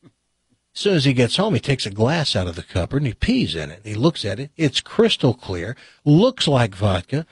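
A middle-aged man hosting a talk show, chatting casually and telling stories and jokes in an animated way. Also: medium pitch, normal speed, slightly rough, no echo.

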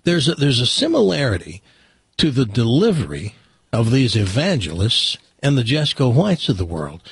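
A man from the American South with a Southern accent, hosting a talk radio show and telling stories in a lively, stammering way. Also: medium pitch, moderate pace, creaky, husky, no echo. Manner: animated storyteller, restarts and stammers. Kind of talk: casual talk radio chat.

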